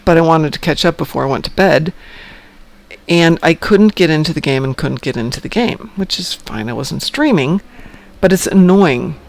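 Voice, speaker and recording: Guy streaming a game, kinda high voice with lots of gravel, chatty and friendly. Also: lively intonation, normal speed. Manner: chatty, friendly, laughs often. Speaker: livestream host. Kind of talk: casual gaming chat.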